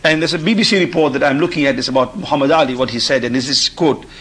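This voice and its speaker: A man from Africa speaking as a guest on a call-in discussion show, pausing and restarting his phrases as he talks. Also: mid-range voice, fairly bright tone, husky. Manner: halting, repeats and restarts phrases. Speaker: panel guest.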